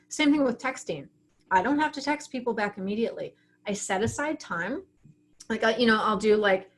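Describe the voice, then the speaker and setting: A woman coaching writers in a casual livestream class, talking frankly and often acting out her own thoughts. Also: on the high side. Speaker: writing coach teaching an online class.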